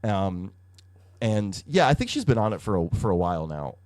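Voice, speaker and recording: A man's voice: lowish voice, moderate pace. A man co-hosting a podcast, recapping comics in casual chat, swearing freely and filling his talk with "like". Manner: animated, profane storytelling with hedging fillers. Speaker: podcast co-host.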